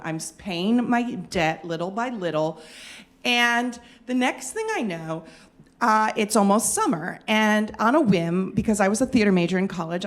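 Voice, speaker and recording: Animated woman telling a comic story. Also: mid-range voice. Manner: animated, self-mocking, lots of fillers and restarts. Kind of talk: comedic personal storytelling.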